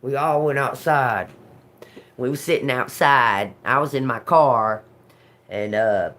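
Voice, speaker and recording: A woman hosting a tarot livestream, telling a story in a casual, animated way, swearing freely and laughing often. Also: rumbling low, takes it slowly. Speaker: tarot reader livestream host.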